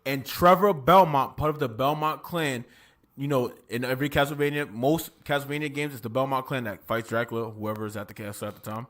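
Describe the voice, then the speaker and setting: A man hosting a casual podcast, animated and profane, steering the talk. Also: mid-range voice, a little fast. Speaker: podcast host.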